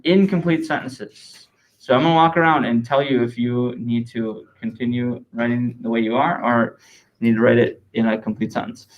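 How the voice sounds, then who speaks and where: A man teaching a classroom science lesson, lively and talking with students, dictating answers slowly and repeating them. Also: mid-range voice, rough recording.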